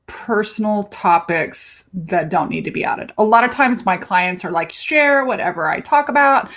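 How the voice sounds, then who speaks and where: A woman coach hosting her own podcast, talking casually with lively emphasis and free swearing. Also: mid-range voice. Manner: animated, chatty, swears freely, stretches words for emphasis. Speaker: life and business coach, podcast host.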